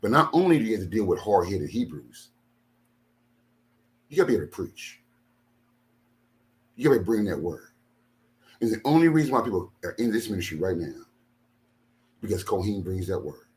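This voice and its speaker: Speaking at a normal speed but pausing often, this older ministry leader has a darkish, lowish voice that stays very animated. Exhausted from a night without sleep, he delivers an aggrieved, emphatic monologue from his home studio, circling the same complaints again and again.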